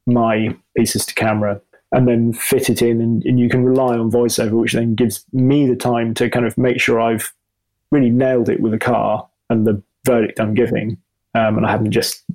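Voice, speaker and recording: A man's voice: mid-range voice, creaky, darkish tone, poor audio. A middle-aged man, a motoring journalist, answering interview questions in a rambling, self-deprecating way with many restarts. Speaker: motoring journalist and video presenter.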